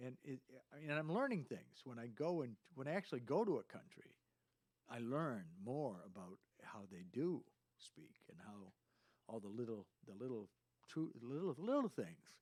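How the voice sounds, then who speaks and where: A man's voice: mid-range voice, darkish tone. A man hosting a casual chat, telling rambling anecdotes. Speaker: host.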